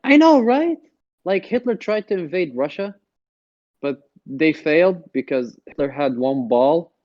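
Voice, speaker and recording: A man's voice: on the high side, expressive, measured pace, no echo. A man co-hosting a podcast, joking around in a goofy, crude way in casual chat. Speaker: podcast co-host. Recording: dry, dull lo-fi mic.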